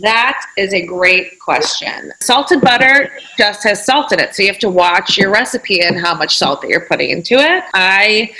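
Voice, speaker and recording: A woman's voice: medium pitch, expressive, normal speed, hardly any pauses, sharp tone, rough recording. A woman chef as a podcast guest, giving practical cooking advice in an easygoing, step-by-step way.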